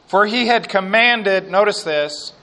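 A man preaching a sermon and reading scripture aloud, slow and emphatic, with quiet asides. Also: high voice.

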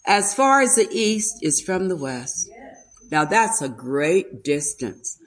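A woman preaching a sermon slowly and emphatically, an older speaker. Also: fairly low pitch, lively intonation.

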